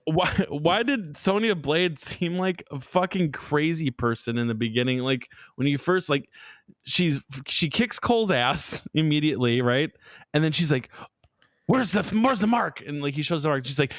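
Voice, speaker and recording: A man's voice: fairly high pitch, normal speed, no echo, clean studio sound. A young man co-hosting a podcast who mocks and jokes crudely in casual chat, laughing often. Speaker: podcast co-host.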